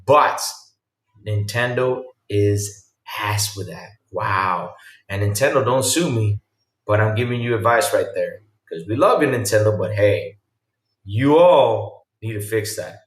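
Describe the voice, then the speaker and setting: A man hosting a casual live-streamed podcast, reacting with loud exclamations and reading viewer chat aloud. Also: on the low side, measured pace, roomy sound, recorded from a distance.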